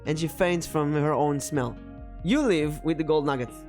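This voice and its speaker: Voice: medium pitch, normal speed, darkish tone, soft background music. A game master narrating an improvised tabletop game in a playful way.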